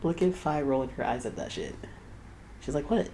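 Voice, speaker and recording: A man's voice: medium pitch, very animated, normal speed, mellow, a little hiss or hum. A young man hosting a reaction video, chatting casually and laughing often as he quotes the people he watches.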